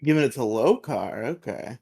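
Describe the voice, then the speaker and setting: A man's voice: mid-range voice, moderate pace, vocal fry, husky. A man co-hosting a casual podcast, recapping episodes with lots of laughter and acted-out lines. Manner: animated, laughs often, acts out characters' lines. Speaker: podcast co-host.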